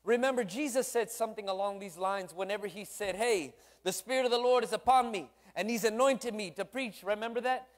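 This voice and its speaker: In a church sanctuary, a worship leader and drummer leads the service with a high-pitched voice, talking a little fast with few pauses. His lively exhortation and prayer is fervent and repetitive, full of hallelujahs and amens called out to the congregation.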